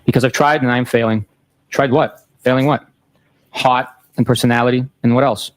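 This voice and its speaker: A man participating in a courtroom proceeding reads texts aloud at normal speed over the microphone. He states each date and time plainly before the messages, his ordinary mid-range voice staying flat and matter-of-fact even when the lines are teasing.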